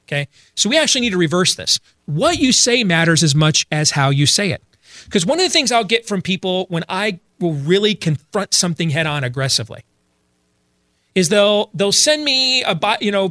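A man's voice: high-pitched, fairly bright tone, dry recording. Blunt, emphatic man with a dry sound. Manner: blunt, emphatic, repeats and restarts often. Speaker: speaker addressing an audience. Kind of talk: opinionated religious commentary.

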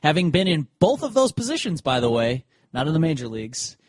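A man's voice: fairly high pitch, a little fast, no echo. A man co-hosting a sports podcast in casual chat, telling stories and acting out what players and umpires said. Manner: animated storyteller who acts out quotes. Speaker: podcast co-host.

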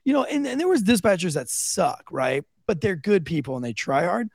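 A man's voice: sits high, big pitch swings, fairly quick, gravelly, darkish tone, no room sound, clean studio sound. A man, a former police officer, casually telling stories as a podcast guest, swearing freely and loaded with fillers. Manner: loose, profane, filler-heavy. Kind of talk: casual storytelling. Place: studio.

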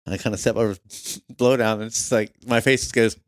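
A man's voice: on the low side, steady tone, fast, no echo, studio quality. A man in casual conversation, telling a story earnestly and acting out his own thoughts.

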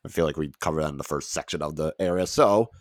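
Very deep-voiced casual podcast man. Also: quick pace, dry recording, studio quality. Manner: rambling, laughs often. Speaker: podcast co-host. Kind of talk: casual chat.

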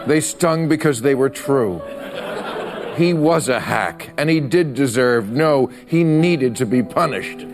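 A man's voice: medium pitch, expressive, takes it slowly, music in the background. A man hosting a late-night show, delivering a punchy comic monologue and laughing at his own jokes, in a television studio with a live audience. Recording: studio audience and room noise.

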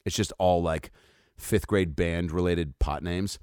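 A man's voice: low voice, measured pace, a little mellow, smooth, no echo, clean studio sound. A man hosting a comedy podcast, reading news articles aloud and riffing on them with loose jokes and swearing. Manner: joking, loose, swearing, lots of fillers and asides.

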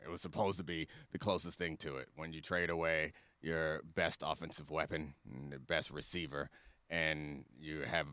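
Deep voiced guy co-hosting sports pod, punchy bright tone, easygoing takes. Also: no room sound. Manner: easygoing, opinionated, loose phrasing. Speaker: podcast co-host. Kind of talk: casual sports talk.

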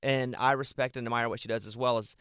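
A man who is a guest on a podcast, chatting casually and quickly teasing and interrupting the host. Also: medium pitch, steady tone, a bit bright, smooth, dry recording, clean studio sound. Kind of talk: casual chat.

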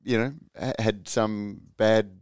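A man's voice: on the low side, steady tone, slow, a little mellow, dry recording, studio quality. A man co-hosting a podcast, chatting casually, laughing often and tripping over his words. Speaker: editor and podcast co-host. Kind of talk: casual chat.

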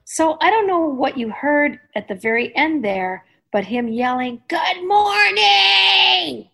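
A middle-aged woman hosting a podcast, chatting in an animated way and laughing easily. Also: high voice, measured pace. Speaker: podcast host. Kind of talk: casual chat.

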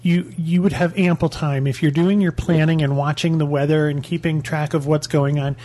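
Reassuring, higher-voiced male co-host. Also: steady tone, normal speed, warm tone. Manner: reassuring, matter-of-fact. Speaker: podcast co-host. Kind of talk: casual podcast chat.

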